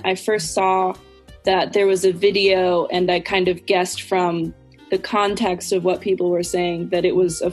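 An American woman in a casual English lesson chat, explaining everyday phrases and acting out examples playfully. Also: medium pitch. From United States. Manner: chatty, acts out example phrases with playful voices. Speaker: guest English teacher.

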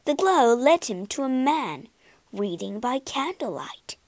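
A woman reading a children's storybook aloud with expressive, dramatic narration. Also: fairly high pitch, measured pace, dry recording.

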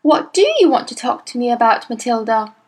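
A woman reading a storybook aloud, voicing a gentle, kindly young teacher who speaks calmly and patiently. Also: fairly high pitch, fairly quick.

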